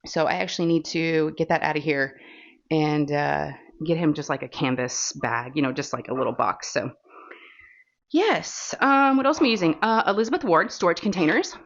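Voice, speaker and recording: Deep-voiced and speaking at a moderate pace, this crafting channel host from Texas rambles casually with plenty of fillers as she works on a diamond painting. The audio comes from a phone and sounds dull and lo-fi.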